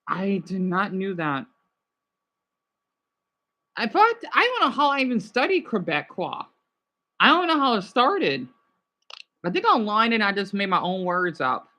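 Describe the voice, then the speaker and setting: A woman's voice: mid-range voice, big pitch swings, a little slow, long pauses, pushed and bright. A woman hosting a livestream, chatting casually with viewers and often restarting and correcting herself. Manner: rambling, restarts and self-corrections. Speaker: livestream host.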